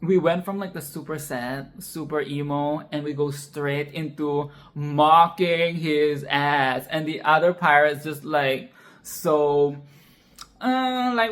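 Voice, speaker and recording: A woman's voice: low voice, measured pace, a bit bright. A woman casually discussing a film she loves, emphatic and profane, repeating her points with "okay?". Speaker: film reviewer.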